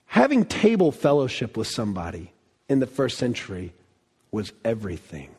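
A man preaching a sermon as pastor, animated, acting out quoted voices and dropping from loud bursts to hushed lines. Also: medium pitch, normal speed, slightly rough. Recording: long reverb of a large hall.

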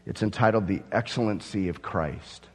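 Husky-voiced man preaching in an echoing hall. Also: on the low side, moderate pace. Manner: dramatic, voicing awed onlookers in rising outbursts. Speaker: pastor. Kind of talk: sermon.

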